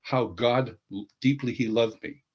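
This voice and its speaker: A man interviewed as an author, telling a personal faith testimony in an earnest, halting way that often restarts sentences. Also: medium pitch, steady tone, darkish tone, breathy edge, muffled recording. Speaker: interviewed author and worship leader.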